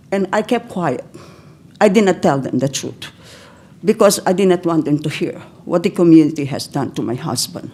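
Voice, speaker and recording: An older Filipina gives heartfelt public comment to a county board, her pleading speech halting with cut-off restarts as she fights back tears. Her voice is lowish and a little mellow.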